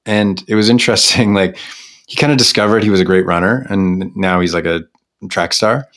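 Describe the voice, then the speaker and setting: Man, middle-aged, from Canada, low-pitched, reflective, self-deprecating interview guest. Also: a little fast, fairly bright tone. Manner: reflective, self-deprecating, many restarts and fillers. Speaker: guest singer-songwriter. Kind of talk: candid conversational interview.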